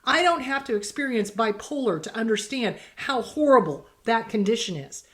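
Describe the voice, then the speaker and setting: A woman's voice: on the high side, expressive, normal speed, fairly bright tone. A middle-aged woman therapist giving blunt, emphatic advice in casual talk, acting out quoted exchanges. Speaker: therapist host answering viewer questions.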